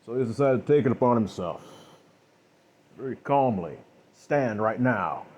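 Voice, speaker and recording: A man tells a dark tale with a husky, slightly breathy voice. He wanders as he speaks, circling back with restarts and small asides, and his pitch stays in the middle for a man. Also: expressive, moderate pace. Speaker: narrator. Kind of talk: improvised story narration.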